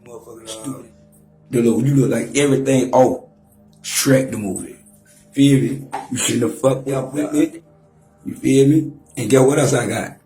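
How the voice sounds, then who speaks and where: A man's voice: medium pitch, moderate pace, dark tone, echoey room, faint music behind. A man in his forties trash-talking and taunting on a profane livestream rant, mock-rapping at times. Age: 40s.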